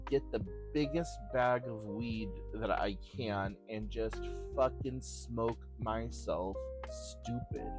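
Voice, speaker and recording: A man hosting a podcast, crying through a halting, raw personal monologue. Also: medium pitch. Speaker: podcast host.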